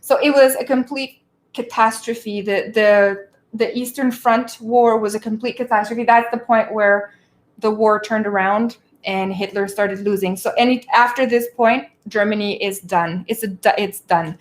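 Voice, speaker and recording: A woman's voice: medium pitch, measured pace. A woman hosting a livestream, talking through a history book in a chatty, slangy way with frequent laughs. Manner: chatty and animated, laughs often, slangy asides. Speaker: livestream host. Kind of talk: casual political commentary on a book.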